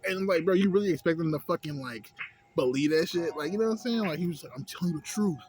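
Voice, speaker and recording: A man's voice: quick pace, a little mellow, rough recording. Profane rambling man, music behind. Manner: loose, profane, rambling, acts out scenes in a high voice. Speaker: vlogger. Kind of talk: casual smoke-session movie review. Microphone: phone.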